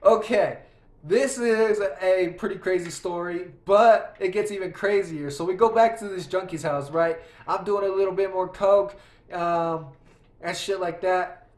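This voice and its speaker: A man's voice: high-pitched, unhurried, roomy sound. A young man telling a story in a rambling, profane, casual way, often restarting his sentences while he plays a game. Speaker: vlogger.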